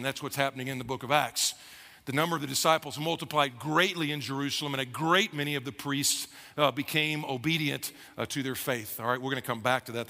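A male pastor preaching a sermon in a church, animated and conversational, with playful asides to the congregation. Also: on the high side, big-room sound. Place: church auditorium.

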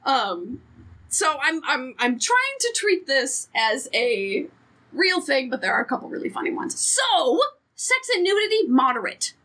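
A woman's voice: high-pitched, big pitch swings, unhurried, bright, forceful tone. A woman co-hosting a podcast in casual chat, frank, profane and joking. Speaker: podcast co-host.

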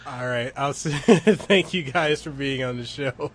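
A man hosting a podcast, upbeat and quick to laugh with his guests. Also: mid-range voice, a crowd in the background. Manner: giggly, upbeat. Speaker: podcast host. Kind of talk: casual chat.

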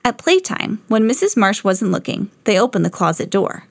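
A woman hosting a children's read-along, narrating a picture book aloud in an expressive way. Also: mid-range voice, moderate pace, creaky, dry recording, studio quality. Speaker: host reading to children.

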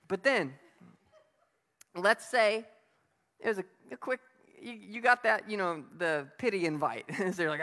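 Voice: mid-range voice, a little slow, pauses often, fairly bright tone. A preacher giving a sermon in an emphatic, conversational way, asking the listeners rhetorical questions. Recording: long reverb of a hall.

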